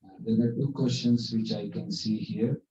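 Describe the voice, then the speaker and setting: Brief: male spiritual teacher, mellow, conversational, echoey hall, distant dull mic. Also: lowish voice, fairly even intonation, moderate pace. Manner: conversational, fillers, story-telling. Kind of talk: devotional class talk with storytelling.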